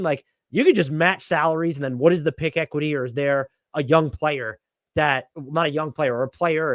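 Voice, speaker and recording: A man's voice: fairly high pitch, no room sound, clean studio sound. A young man co-hosting a casual podcast, giving strong opinions and thinking aloud. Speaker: podcast co-host. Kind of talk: casual basketball podcast chat.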